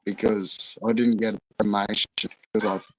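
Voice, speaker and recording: A man's voice: lowish voice, level tone, moderate pace. A man, an army veteran guest in a casual chat, joking crudely. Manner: jokey, crude humour. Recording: dull lo-fi sound.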